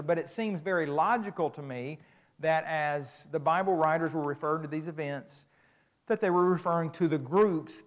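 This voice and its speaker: A middle-aged man preaching a conversational, emphatic sermon lecture, often restarting his phrases. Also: a little high.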